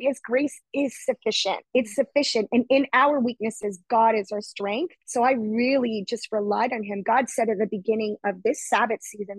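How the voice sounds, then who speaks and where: A woman's voice: a little high, slightly rough, no echo, low-quality recording. A woman guest talking earnestly about her faith in a casual conversation, often quoting her own prayers aloud.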